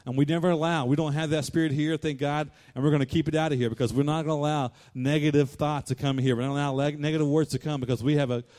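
A man's voice: on the high side, fairly even intonation, rapid-fire, few pauses. Fervent male preacher repeating for emphasis. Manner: fervent preaching, repeats lines for emphasis, rises to loud declarations. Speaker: pastor. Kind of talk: sermon.

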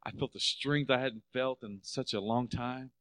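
A middle-aged man preaching a sermon as pastor, emphatic, swelling louder on key phrases and dropping low for personal stories. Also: steady tone, moderate pace, no echo.

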